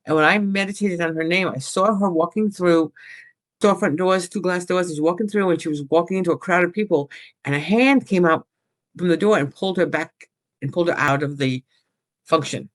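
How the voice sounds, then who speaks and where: A woman working as a psychic medium, talking casually and rambling as she relays messages from spirits. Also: on the low side. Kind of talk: casual paranormal chat.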